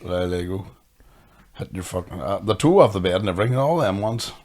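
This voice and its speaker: A man's voice: sits low, animated, a little fast, a little mellow. A man with a Northern Irish accent, co-hosting a podcast with blunt, sweary banter. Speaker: podcast co-host. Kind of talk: casual banter.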